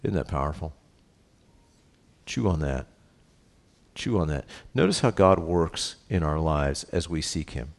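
A middle-aged man with a gravelly bass voice preaches a sermon as pastor, speaking a little slowly yet animatedly, with long pauses. He reads scripture and explains it conversationally, often checking in with tag questions and poking fun at himself.

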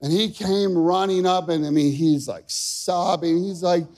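A man with a fairly high, bright speaking voice preaches to a congregation. He tells a personal story with strong emotion, dropping low and quiet, then climbing to loud, shouted peaks. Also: steady tone, measured pace. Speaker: pastor.

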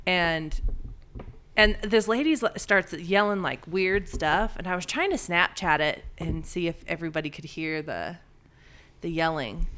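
A woman co-hosting a podcast, telling a story in a casual, animated way and laughing often. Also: on the low side. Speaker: podcast co-host.

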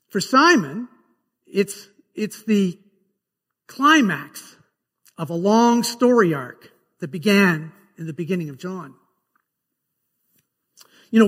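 A man's voice: high-pitched, in a large hall. A man preaching a sermon, retelling scripture scenes as a vivid story. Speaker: pastor. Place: church sanctuary.

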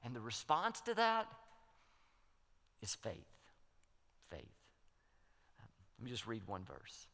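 A man's voice: medium pitch, wildly swooping pitch, measured pace, long pauses, sharp tone. A man preaching a sermon as pastor, emphatic, repeating key phrases and building to strong peaks. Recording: long hall reverb.

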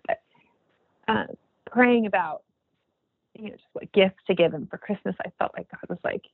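A woman's voice: mid-range voice, moderate pace, gravelly, pauses often, slightly rough, no echo. Earnest woman on a tinny line. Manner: earnest, rambling with many restarts. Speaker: podcast guest. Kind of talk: casual faith chat.

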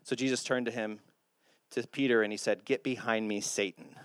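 A man preaching a sermon, animated and acting out the lines he quotes. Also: medium pitch, normal speed, smooth, no echo, studio quality. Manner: animated, acts out quotes in voices. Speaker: pastor.

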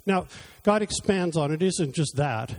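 A man's voice: fairly high pitch, expressive, normal speed, darkish tone. A man preaching a sermon in a conversational way, telling personal stories and acting out his talks with God, then leading a closing prayer. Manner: conversational, acts out his own exchanges with God.

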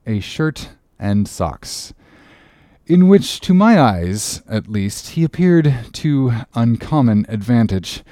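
A man narrates an old novel with a lively, rising and falling pitch and a measured pace. The recording is dry and close, with no room sound. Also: dry recording. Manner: measured, expressive storytelling. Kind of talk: audiobook reading of a classic novel.

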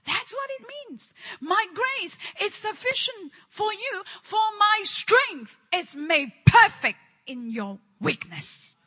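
A woman's voice: extremely high pitch, sing-song, slow, few pauses, bright, forceful tone. A woman preaching a charismatic sermon, fervent and repetitive, calling on her listeners to respond.

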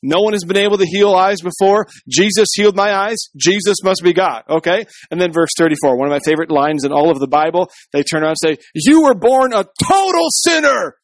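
Male pastor, chatty sermon with asides, a bit high-pitched. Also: steady tone, fast, hardly any pauses, no echo. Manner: conversational, frequent asides asking the congregation.

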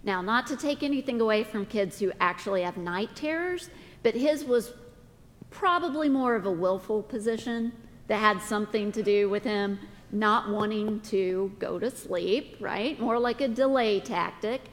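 A middle-aged woman pastor preaching a sermon, speaking deliberately with dramatic pauses. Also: medium pitch. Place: church sanctuary. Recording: long reverb of a church hall.

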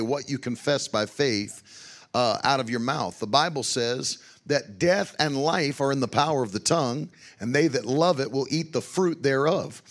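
A man's voice: on the high side, fairly bright tone. A man preaching and teaching emphatically, punctuating his talk with amens and hallelujahs. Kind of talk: sermon-style teaching to a broadcast audience.

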